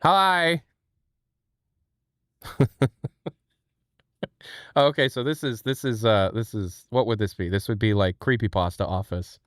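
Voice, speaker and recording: A man's voice: moderate pace, pauses often, no echo. A man hosting a live stream in casual chat, thanking viewers and swearing freely. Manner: animated, swings pitch, thanks viewers, swears. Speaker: livestream host.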